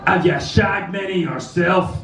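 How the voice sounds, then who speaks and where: A man's voice: sits high, measured pace, fairly bright tone, reverberant, distant mic. A man quoting a chatty, boastful male taxi driver during a stand-up set.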